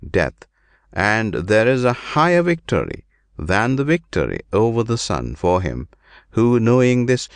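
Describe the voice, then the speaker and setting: A man reading an ancient scripture aloud in slow, measured, deliberate phrases. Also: lowish voice, dry recording. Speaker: reader.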